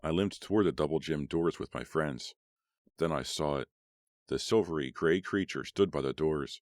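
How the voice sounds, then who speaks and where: A man giving a steady, measured reading as an audiobook narrator. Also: a bass voice, no room sound, studio quality.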